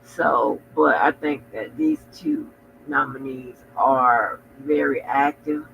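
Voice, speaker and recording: A man's voice: mid-range voice, fairly even intonation, slow, gravelly, highs cut off, a little hiss or hum. A very sleepy man hosting a casual livestream, rambling and drowsy, trailing off into mumbles as he yawns. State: very sleepy, yawning. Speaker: livestream host.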